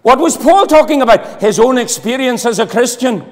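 A man preaching a sermon with fervour, his voice swinging from loud declarations to hushed appeals. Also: very high voice, lively intonation, moderate pace. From Northern Ireland. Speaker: pastor. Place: church hall. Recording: long hall reverb.

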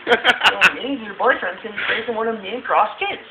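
A young man with a fairly high voice rambles through a crude, profanity-packed rant, packing his lines with "like" and breaking into laughs. The sound is muffled and lo-fi, with a crowd chattering loudly in the background. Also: quick pace. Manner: crude, swearing constantly, filler "like", laughing. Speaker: ranting storyteller. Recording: muffled lo-fi home video with crowd.

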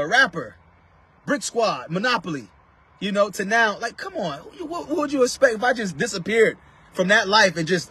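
Guy preaching live from his car, kinda high husky voice, emphatic, keeps asking viewers if they're with him. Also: sing-song, normal speed, pushed and bright, dry recording. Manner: emphatic, calls out to viewers by name. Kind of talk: casual live-stream preaching.

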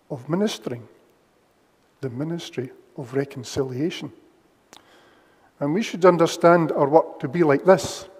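A man preaching a sermon in a measured, emphatic way, repeating key phrases for weight. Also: on the high side, darkish tone, slightly rough. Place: church livestream. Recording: long church reverb.

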